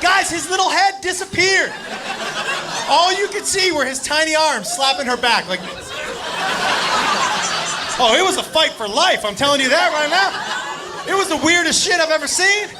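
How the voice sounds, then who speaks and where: A man doing stand-up comedy on a club stage, telling a wild story loudly and laughing through his punchlines. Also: very high voice, normal speed, long pauses. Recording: live club set with audience laughter. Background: crowd laughter and room noise.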